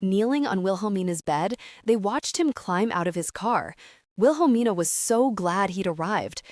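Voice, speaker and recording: Expressive woman reading an audiobook. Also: medium pitch, moderate pace, dry recording, studio quality. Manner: expressive storytelling. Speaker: audiobook narrator. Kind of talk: scripted narration.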